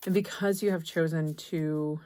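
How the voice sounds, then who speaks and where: Low-voiced gentle woman tarot reader. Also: fairly even intonation, slight background noise. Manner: gentle, reassuring, halting with many restarts. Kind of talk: tarot reading to camera.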